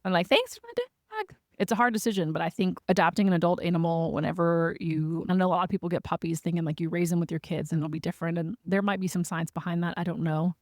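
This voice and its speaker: A woman's voice: on the low side, steady tone, quick pace, few pauses, darkish tone, no echo, clean studio sound. A young adult woman telling stories in a casual interview as an animal shelter guest, chatty and full of "like" fillers.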